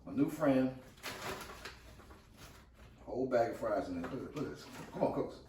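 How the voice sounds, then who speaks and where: A man's voice: mid-range voice, animated, moderate pace, noisy background. A man hosting a casual cooking vlog in a home kitchen. He talks in a hyped, chatty way, repeats his catchphrases and calls his viewers cooks. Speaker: cooking vlogger. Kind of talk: casual cooking chat to camera. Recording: echoey room.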